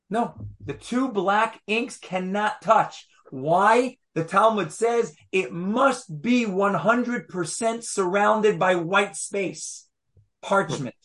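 Reading verses aloud to a small group, a man teaches Torah in an animated session, pressing them with rhetorical questions. He speaks slowly in a high, fairly bright voice.

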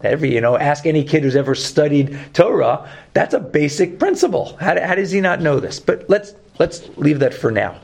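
A man with a Brooklyn accent teaching a Torah class, lively, joking and putting questions to his students. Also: fairly high pitch, moderate pace, vocal fry, hardly any pauses.

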